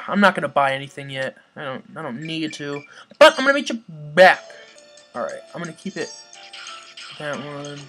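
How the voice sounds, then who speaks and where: A let's play gamer giving casual commentary, swearing often and yelling at the game. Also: medium pitch. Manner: swears a lot, yells at the boss.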